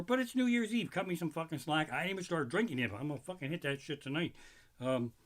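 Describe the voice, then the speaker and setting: A middle-aged man doing loose, profane stand-up, rambling and animated as he tells stories. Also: a little high. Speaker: stand-up comedian. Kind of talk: solo live-streamed stand-up.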